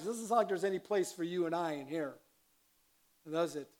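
A man preaching a conversational sermon as a pastor, with sudden bursts of loud emphasis. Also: fairly high pitch, fairly quick, long pauses.

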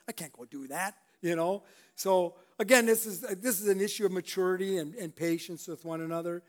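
A pastor with a notably high voice preaches in a loose, conversational way. He chuckles often, circles back and restarts his sentences as he goes. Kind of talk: sermon.

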